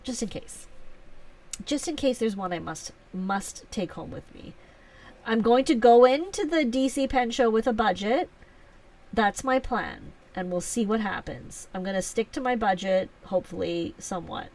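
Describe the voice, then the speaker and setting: A woman's voice: a little high, lively intonation, normal speed, a little mellow, far from the mic. Chatty woman hosting a live stream. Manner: chatty, self-teasing, laughs often. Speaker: livestream host. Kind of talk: casual live chat answering viewers.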